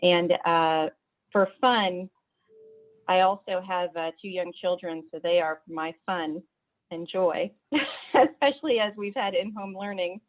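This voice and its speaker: A woman's voice: on the low side, unhurried. Woman on a tinny call line. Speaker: investment strategist. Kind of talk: casual self-introduction. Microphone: video call. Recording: tinny phone-like call audio.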